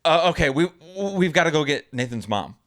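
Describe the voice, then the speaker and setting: Animated young man telling a story. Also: a little high, brisk. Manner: animated, acts out quotes in a raised voice. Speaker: podcast co-host. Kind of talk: casual storytelling.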